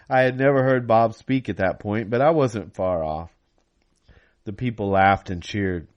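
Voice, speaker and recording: A man's voice: on the low side, measured pace, dull audio. A man reading his own novel aloud in first person, then chatting casually to close the episode. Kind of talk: audiobook reading.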